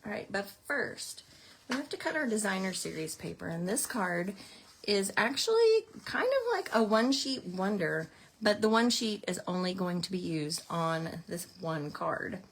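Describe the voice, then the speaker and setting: A woman's voice: mid-range voice, very animated, measured pace, slight background noise. A woman teaching a card-making class, chatting casually as she explains each step while working. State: out of breath at times. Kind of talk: casual craft tutorial.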